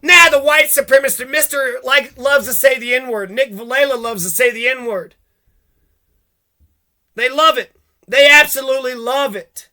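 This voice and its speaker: High, bright-voiced angry ranting man. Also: unhurried. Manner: heated, cursing, jumps from grievance to grievance. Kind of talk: angry profane rant.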